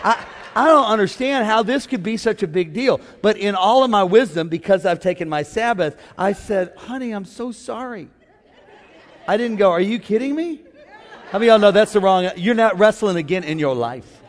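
A high-voiced male pastor preaching with comic energy and sudden shouts. His voice rings through a large sanctuary with a long echo. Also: a little fast, some chatter behind. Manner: energetic, joking, shouts at the climaxes. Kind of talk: sermon. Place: church sanctuary.

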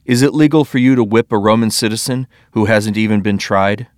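A man's voice: fairly low pitch, a little fast, dry recording, clean studio sound, natural voice. Paul, a man reading as a bold earnest apostle. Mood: indignant.

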